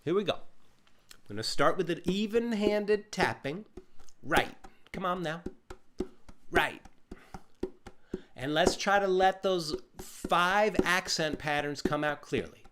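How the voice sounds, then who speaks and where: A man teaching a live ukulele lesson in a calm, encouraging, gently meditative way. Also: high voice, unhurried, background noise. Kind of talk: live-streamed music lesson.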